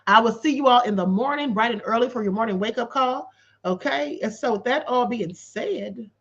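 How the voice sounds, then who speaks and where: A woman hosting a casual commentary livestream, sassy and animated, calling her viewers honey and reading out their comments. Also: fairly high pitch, normal speed, breathy edge, muffled recording.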